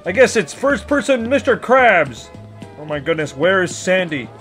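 A man voicing a gruff, greedy old sea-captain crab, using salty pirate growls and frantic yelling while commentating on a game. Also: high voice, sing-song, normal speed, soft background music. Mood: panicked. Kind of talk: in-character gaming commentary.

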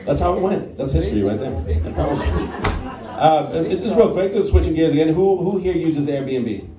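A man's voice: on the high side, expressive, normal speed, far from the mic, over music. A male stand-up comedian from the Netherlands, telling a chatty story on stage and talking with the crowd. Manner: chatty, acts out voices, talks to the crowd. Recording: roomy club sound with crowd. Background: audience laughing.

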